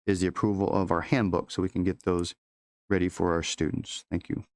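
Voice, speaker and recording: A man presenting agenda items at a school board meeting in an informal, halting way with many fillers and restarts. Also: deep voice, flat delivery.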